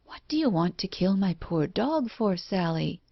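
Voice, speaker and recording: A woman reading an audiobook, voicing an uneasy husband who speaks gently and coaxingly, on a dull lo-fi recording. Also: lowish voice, big pitch swings, normal speed, creaky, dry recording, exaggerated voice.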